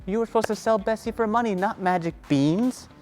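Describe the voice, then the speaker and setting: A woman's voice: medium pitch, a little fast, a little mellow, soft background music, voice pushed up, natural voice. A woman voicing an upset mother who scolds her son in a raised voice. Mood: scolding.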